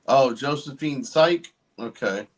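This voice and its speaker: A man's voice: medium pitch, slow. A man hosting a livestream, giving blunt, profane, casual commentary as he reacts. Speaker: livestream host.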